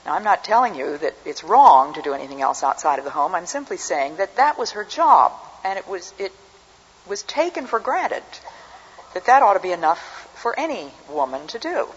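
A woman's voice: on the low side, sing-song, moderate pace, slightly rough. An older woman giving an earnest, reflective personal testimony as a speaker. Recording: dull recording with long hall reverb.

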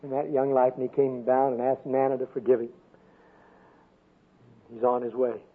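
An older man preaching a sermon with a storytelling manner, swinging from loud emphasis down to a soft hush. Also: medium pitch, level tone, moderate pace. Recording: tinny phone-like radio sound.

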